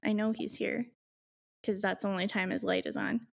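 A woman telling a personal story in casual chat, acting out quotes in higher voices and swearing freely. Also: flat delivery, normal speed, gravelly.

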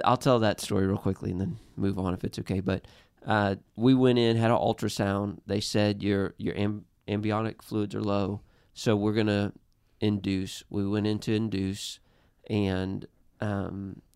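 Earnest male storyteller, thirties, low smooth voice with gravel, dry close sound. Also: a little mellow, dry recording. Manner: earnest, halting with restarts. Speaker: guest. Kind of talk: personal storytelling in a podcast chat.

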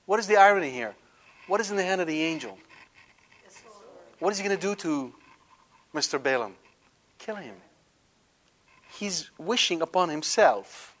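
A man teaching a Catholic Bible lesson in an animated way, full of rhetorical questions. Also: a little high, moderate pace, pauses often. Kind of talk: Bible study lecture.

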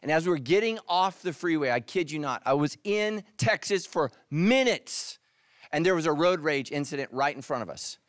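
A middle-aged man preaches with humor, telling stories and then dropping low and quiet to drive a point home. His voice sits a bit high for a man, and the recording is close and dry. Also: expressive, normal speed, no echo. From California. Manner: humorous storytelling, drops to hushed tones for emphasis. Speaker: pastor. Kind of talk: sermon.

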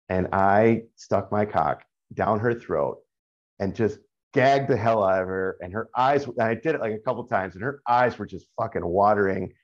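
A middle-aged man telling a candid personal story in a rambling, casual way, full of fillers and swearing. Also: lowish voice. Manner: rambling, frequent fillers and profanity. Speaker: caller sharing a personal story. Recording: dull lo-fi sound.

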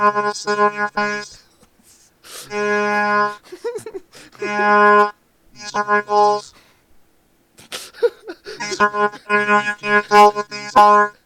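A man's voice: high-pitched, completely flat delivery, very slow, pauses often, sharp tone, soft background music, voice pushed up, exaggerated voice, low-quality recording. A man voicing a crude, malfunctioning sex robot that insists it is a woman, through a talk box robot effect, drawling and repeating itself. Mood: crude seductive. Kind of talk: comedy improv bit. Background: synthesizer and keyboard tones.

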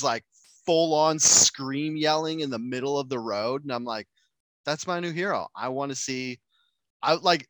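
Young man, bright tone, fairly high voice, dry close sound, animated and swearing. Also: no room sound. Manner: animated, profane, acts out quotes. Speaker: podcast co-host. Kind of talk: casual chat.

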